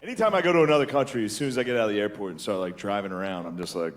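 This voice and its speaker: A man does a laid-back, profane stand-up set, tossing in "dude" constantly, in a fairly low voice and very fast delivery. It's a live club recording full of crowd laughter and noise.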